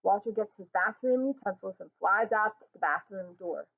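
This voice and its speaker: A woman's voice: medium pitch, moderate pace, vocal fry. Woman reading a play, tinny sound. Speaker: reader. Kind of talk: reading a stage play aloud.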